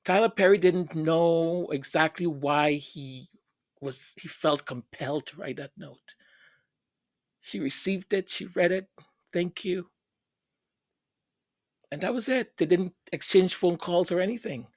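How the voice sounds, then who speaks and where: A man's voice: on the high side, a little slow, long pauses, no room sound, clean studio sound. A man hosting a fan news channel, speaking in an emotional, tearful way with many stammered repeats. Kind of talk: casual vlog commentary.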